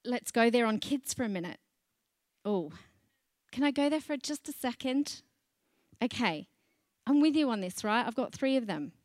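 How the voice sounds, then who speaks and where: Middle-aged woman, pastor's sermon, chatty and lively, fairly high voice, dry close sound. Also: normal speed, pauses often, dry recording. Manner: lively, chatty, laughs between points.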